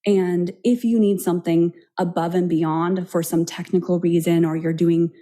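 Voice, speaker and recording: A woman with a mellow, somewhat low voice chatting casually in an interview. She recommends something with obvious enthusiasm. Her tone stays warm and relaxed. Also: moderate pace. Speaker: yoga teacher, studio owner.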